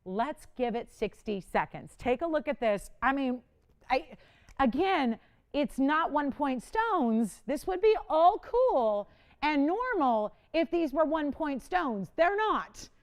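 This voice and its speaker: A woman hosting a live jewelry auction on TV, chatty and animated, playfully dramatic as she talks to callers and crew. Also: high voice, slow. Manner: dramatic, playful self-mocking. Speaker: live shopping host. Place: TV studio.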